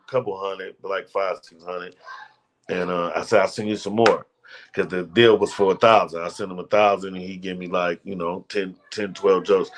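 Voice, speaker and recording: Brief: male comedian, lower voice, loose slangy storyteller. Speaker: comedian guest. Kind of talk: casual storytelling interview.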